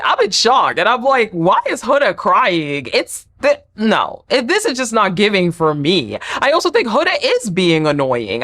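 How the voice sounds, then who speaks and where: A woman giving a casual, chatty reality TV recap, often acting out cast members in high mocking voices. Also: a bit bright. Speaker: recap vlogger.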